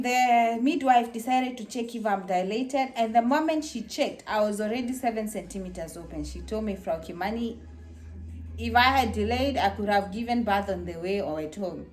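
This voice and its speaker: A young woman with a medium-pitched voice, at a moderate pace, casually tells viewers about giving birth. She's animated, acting out her own screams and imitating what others said.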